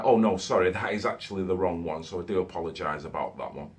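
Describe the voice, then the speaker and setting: A man's voice: low voice, fast, hardly any pauses. A man, talking in a loose, conversational monologue and adding "okay?" and "so to speak" as he goes. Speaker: vlogger. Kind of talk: casual monologue to camera.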